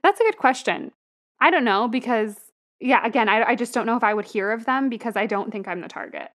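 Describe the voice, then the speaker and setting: A woman's voice: fairly high pitch, animated, brisk, a bit bright. A young woman co-hosting a podcast, casually recapping a film plot and laughing often as she talks. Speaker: podcast co-host. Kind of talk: casual movie review chat.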